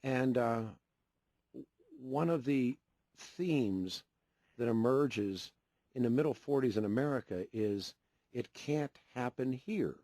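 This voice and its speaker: A man's voice: medium pitch, animated, slow pace, pauses often, mellow, no room sound. A man hosting a radio talk show, chiming in with short agreements and musing asides between his guest's points.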